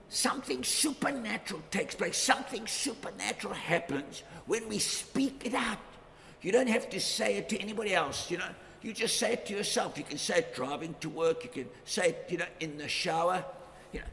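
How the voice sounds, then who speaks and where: A man's voice: high voice, normal speed, creaky, fairly bright tone, a little hiss or hum. A middle-aged man preaching a sermon as pastor, emphatic, repeating key phrases with rising force. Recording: reverberant hall, faint ambience.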